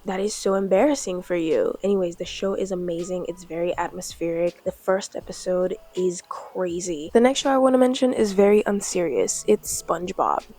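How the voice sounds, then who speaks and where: A woman's voice: on the low side, moderate pace, hardly any pauses, darkish tone, soft background music. A young woman in her twenties chatting candidly in a casual review vlog, full of fillers and self-deprecating asides. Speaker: booktube vlogger.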